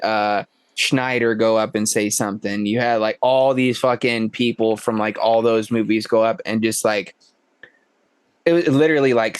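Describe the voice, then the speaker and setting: A man's voice: on the low side, smooth, no room sound. A man co-hosting a podcast, telling stories in casual, rambling chat and swearing freely. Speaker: podcast co-host.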